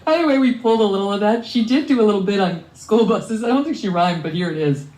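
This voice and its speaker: A woman's voice: mid-range voice, expressive, fast, a little mellow, roomy sound, low-quality recording. A woman hosting a talk show, introducing clips with amused commentary. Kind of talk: broadcast commentary.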